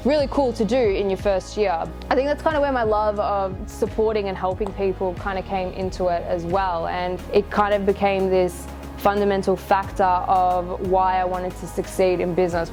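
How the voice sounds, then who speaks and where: A woman's voice: medium pitch, a little mellow. A young woman, telling her own life story in a candid, reflective, confessional way, with casual swearing. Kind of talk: personal storytelling.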